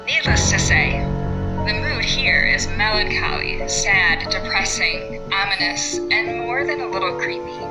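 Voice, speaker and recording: A woman teacher narrates a recorded literature lesson. She explains clearly at a middle pitch, with a lightly wry touch. Loud music runs under her voice. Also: lively intonation, measured pace, low-quality recording.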